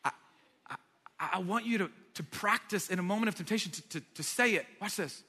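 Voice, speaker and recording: A man with a high, bright voice preaches to his congregation, emphatic and energetic, rising to loud declarations. His voice rings out through a long church reverb. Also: brisk, breathy edge. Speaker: pastor. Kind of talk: sermon. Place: church sanctuary.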